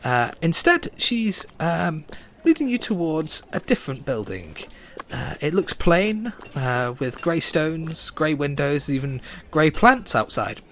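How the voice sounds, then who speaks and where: A man's voice: a little high, a little hiss or hum. Man narrating a tabletop game. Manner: relaxed, full of "uh" and "um" pauses. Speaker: game master.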